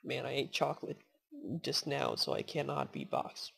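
A gaming channel host, a woman, chats casually while she plays, rambling, thanking viewers, and coaxing in-game animals aloud, with sudden excited bursts of swearing. Her voice is bass, creaky, and breathy-edged, at normal speed.

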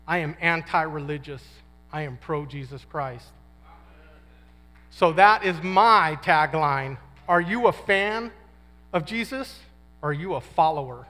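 A man in his fifties speaks in a high, fairly bright voice as a guest speaker at a men's conference. His testimony is casual and full of slang, and he acts out quotes while telling his story. The conference hall adds a long, large-room reverb.

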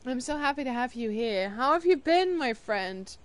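A young woman streaming a game, chatting casually with viewers, tired and yawning, with excited bursts of greeting. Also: sits high, normal speed, dry recording. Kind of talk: casual live-stream chat.

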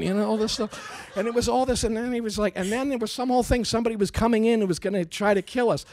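A middle-aged man telling a story with great animation, his voice running high and leaping across a wide range as he acts out scenes. He laughs and swears freely in a loose, casual way. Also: expressive, quick pace, few pauses. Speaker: actor telling stories. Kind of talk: casual anecdote in an interview.

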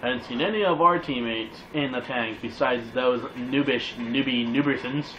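A man commentating his own shooter gameplay, excitable and yelling and swearing at the game, heard through a dull lo-fi mic. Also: medium pitch, normal speed, slight background noise. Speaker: gamer.

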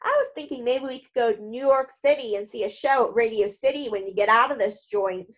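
A breezy, affectionate aunt, as a woman reads her aloud. She talks in an easy, casual way in a storybook reading, her voice fairly high. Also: fairly quick, natural voice. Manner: breezy, calls people doll.

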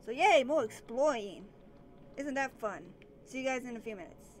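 Chatty high-voiced woman gaming. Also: lively intonation, normal speed, soft background music. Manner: chatty, talks to on-screen characters, cries out in bursts. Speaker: let's play gamer. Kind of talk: casual gameplay commentary.

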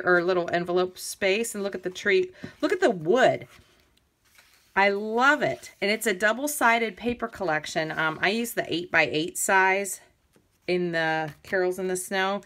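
A woman with a fairly low, slightly bright voice casually shows off a handmade scrapbook album, tutorial style. She's chatty and enthusiastic, with lots of ums and restarts.

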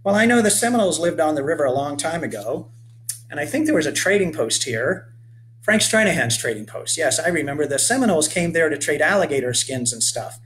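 Man doing a young boy, earnest, bit whiny, slightly higher voice. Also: very animated, fairly quick, fairly bright tone, a little hiss or hum. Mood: thoughtful. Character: eager ten-year-old boy Mitch.

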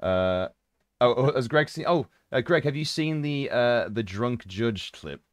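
A man hosting a casual interview chat, who talks in an excited, laughing way. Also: medium pitch, measured pace, no room sound, studio quality. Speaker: host.

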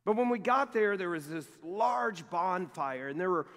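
A man's voice: sits high, moderate pace. Man preaching in a reverberant sanctuary. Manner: animated storytelling, acts out quoted dialogue. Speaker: pastor. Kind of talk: sermon with storytelling. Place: large church sanctuary. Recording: long reverb of a church sanctuary.

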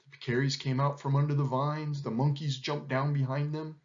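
A man reading a children's animal story aloud in an expressive, animated way. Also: mid-range voice, moderate pace. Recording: dull lo-fi recording.

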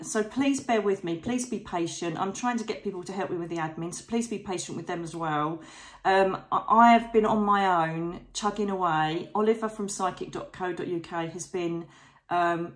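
A middle-aged woman chats straight to her followers in a casual vlog. Her voice sits on the low side, and she talks with gushing warmth and plenty of "um"s and asides. She sounds emotional and openly grateful throughout. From Britain. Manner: effusive, emotional, chatty with frequent fillers. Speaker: psychic medium vlogger.

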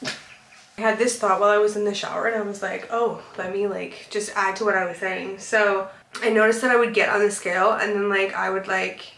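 Emotional young woman vlogging, bright voice. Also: mid-range voice, steady tone, fairly quick, creaky, roomy sound. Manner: emotional, heartfelt, rambling with many fillers. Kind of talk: candid confessional vlog chat. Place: car.

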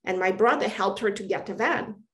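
A woman's voice: mid-range voice, normal speed, a bit bright. A woman from Ukraine with a Ukrainian accent, a guest giving an emotional personal testimony in an earnest, heartfelt way.

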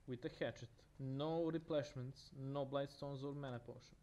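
A man's voice: mid-range voice, fairly even intonation, moderate pace, few pauses, warm tone, a little hiss or hum. Russian-accented male esports caster. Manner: casual, chatty, with many fillers and restarts. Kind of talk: solo game commentary.

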